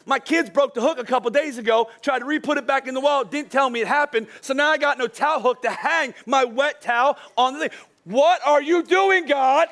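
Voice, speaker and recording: Man, pastor, sermon, high voice, worn-out voice, joking storyteller, goes quiet for serious parts. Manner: joking, storytelling delivery that drops soft and slow for serious points. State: voice wearing out from a long day of preaching.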